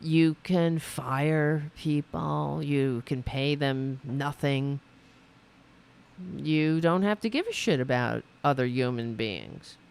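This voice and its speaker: A woman's voice: low-pitched, slow, vocal fry, a little mellow, smooth. A woman hosting a political commentary livestream, talking in an indignant, sarcastic and profane way. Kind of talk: livestream commentary reacting to clips.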